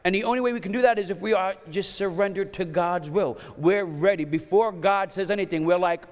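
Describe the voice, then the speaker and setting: A man's voice: sits high, brisk, hardly any pauses. A man preaching a sermon in an earnest, conversational way, often restarting his sentences. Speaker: pastor. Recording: long hall reverb.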